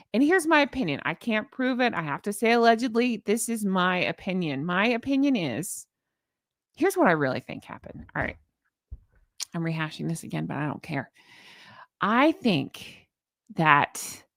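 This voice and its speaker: A middle-aged woman hosting a casual commentary stream, sarcastic and animated, reading out an article and answering her live chat. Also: mid-range voice, no room sound, clean studio sound. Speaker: commentary channel host.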